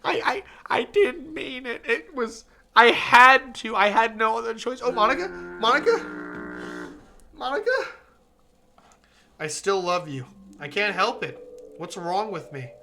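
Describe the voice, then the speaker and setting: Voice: medium pitch, lively intonation, unhurried, crowd noise, natural voice. A streamer reading aloud as a young woman game character, a club president who pleads, accuses and then turns remorseful.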